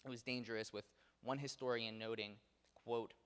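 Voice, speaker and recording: A man's voice: medium pitch, fairly even intonation, normal speed, a bit bright, smooth. A man giving a local history lecture in a conversational way, with many fillers and self-corrections. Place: theater auditorium. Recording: long hall reverb.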